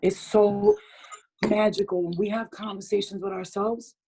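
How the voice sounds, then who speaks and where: A woman's voice: mid-range voice, very animated, normal speed, creaky, warm tone, slightly rough, low-quality recording. A woman hosting a group video call, giving blunt advice in casual chat, swearing freely and laughing often.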